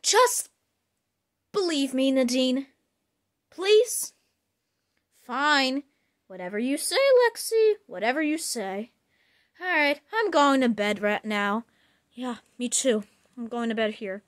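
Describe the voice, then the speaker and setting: High-voiced woman acting out a toy play. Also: animated, takes it slowly, pauses often. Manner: dramatic, shifting between characters. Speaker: puppeteer voicing the toys. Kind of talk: plush toy drama.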